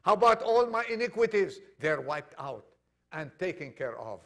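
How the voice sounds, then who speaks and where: Impassioned preacher, high male voice. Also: sing-song, normal speed, gravelly. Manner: impassioned, dramatic swings from loud to hushed; acts out quoted dialogue. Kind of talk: sermon. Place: church congregation.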